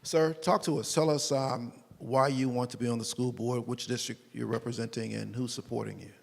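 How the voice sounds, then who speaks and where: A man's voice: mid-range voice, steady tone, normal speed, vocal fry. A man hosting a community forum, joking informally with the candidates as he calls them up. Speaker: forum host. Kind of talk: casual emcee banter. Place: large meeting hall. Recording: distant, long hall reverb, faint noise.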